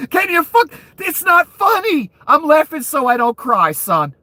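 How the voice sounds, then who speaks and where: A man's voice: extremely high pitch, wildly swooping pitch, a little slow, pushed and bright, dry recording. A man giving ranting commentary, profane and incredulous, laughing between outbursts. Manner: profane, incredulous, calls the listener "son".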